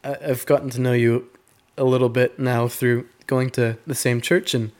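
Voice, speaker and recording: Man, podcast host, sick voice, mid pitch, friendly and loose. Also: flat delivery, normal speed. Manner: friendly, loose, hesitant fillers. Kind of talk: casual interview.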